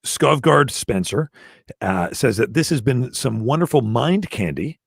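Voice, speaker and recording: Man, Canadian-raised, live podcast co-host, playful, teasing, gravelly, at home on webcam. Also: mid-range voice, sing-song, unhurried, dry recording, studio quality. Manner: playful, joking, drops into mock accents. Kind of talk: casual live-stream chat. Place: at home, indoor room. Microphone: webcam or computer mic.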